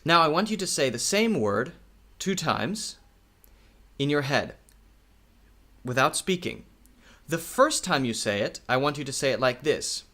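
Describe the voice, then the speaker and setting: A man teaching English in a recorded video lesson, speaking slowly and repeating key words, often checking in with "okay?". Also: mid-range voice, sing-song, bright, forceful tone. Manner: slow, repetitive, checks in with "okay?".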